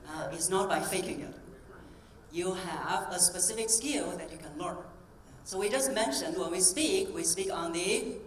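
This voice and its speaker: A woman voice coach giving a live stage talk, coaching the audience through breathing exercises in a clear, encouraging tone. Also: mid-range voice, slight background noise. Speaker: voice coach and keynote speaker. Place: convention hall stage. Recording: roomy hall sound from a distance.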